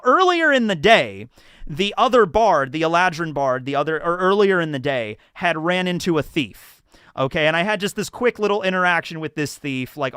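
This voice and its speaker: A man telling a rambling, animated story about a tabletop game he ran as dungeon master, casually acting out his players' voices on a livestream. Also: a little high, clean tone, no room sound, clean studio sound.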